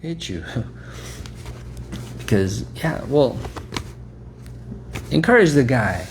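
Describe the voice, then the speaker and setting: A man's voice: medium pitch, sing-song, slow, vocal fry, pauses often, a little hiss or hum. A man preaching a sermon in a rhetorical, repetitive way, often checking in with "right?".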